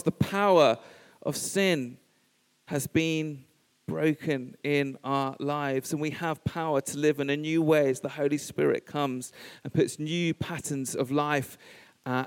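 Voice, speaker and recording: A man preaching a sermon, speaking in measured, emphatic phrases with pauses. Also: on the high side, clear, resonant tone. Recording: reverberant church hall.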